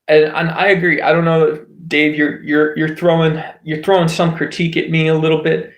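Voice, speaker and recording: A man's voice: fairly high pitch, flat delivery, moderate pace, hardly any pauses, roomy sound. A man hosting a casual livestream chat, rambling with lots of filler words and restarts. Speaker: livestream host.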